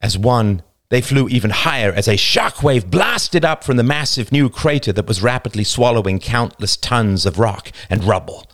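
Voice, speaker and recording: A man narrating a novel as an audiobook, slow, deliberate and dramatic. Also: mid-range voice, expressive, a bit bright, no room sound, clean studio sound.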